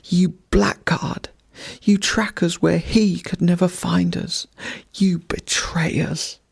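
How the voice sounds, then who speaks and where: A reader voicing a wounded male fox, proud and bitter, who pleads softly and then hisses with contempt, read as a bedtime story. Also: mid-range voice, steady tone, slow pace, vocal fry, breathy edge, full character voice. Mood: contemptuous.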